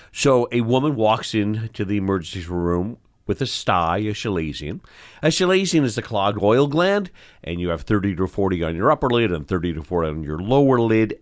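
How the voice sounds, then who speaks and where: A middle-aged man, an eye doctor hosting the show, telling stories from his training in an animated, expressive way that acts out the scenes. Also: sits low. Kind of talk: storytelling in casual conversation.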